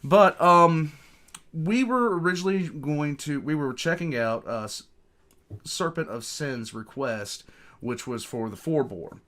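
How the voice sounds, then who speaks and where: On a streaming mic, a man hosting a reaction stream chats casually, rambling, mocking himself, and saying "um" a lot. His voice is a little high and bright, with a forceful tone, lively intonation, and a slightly slow pace.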